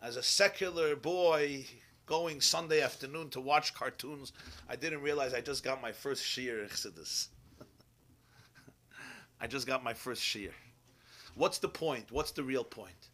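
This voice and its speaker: Animated rabbi teaching, bright voice. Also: male voice, medium pitch, unhurried. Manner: animated storytelling, peppered with Hebrew and Yiddish terms; checks in with listeners, asking "yeah?". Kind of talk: Chassidic Torah class.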